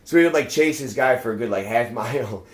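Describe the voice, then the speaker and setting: A man tells a rambling, profanity-laced story at a rapid clip, acting out what everyone said. The room around him rings with a noticeable echo. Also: mid-range voice. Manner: rambling, swears a lot, acts out quoted lines. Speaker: podcast guest. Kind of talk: casual storytelling chat. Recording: roomy echo.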